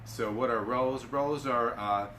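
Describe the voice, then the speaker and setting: A man teaching darbuka rolls in a live lesson, explaining in a relaxed, halting way with fillers and chanting drum syllables. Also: medium pitch, slight background noise. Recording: echoey room with loud drumming. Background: darbuka drumming.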